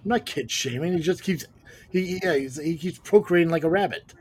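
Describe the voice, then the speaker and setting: A man hosts a loose live-stream chat about a wrestling show, his voice sitting a touch high. He jokes easily and keeps slipping into mock exasperation. The talk is relaxed and unscripted. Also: brisk, slight background noise. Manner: joking, exasperated, mutters "Jesus". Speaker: podcast host and wrestling commentator.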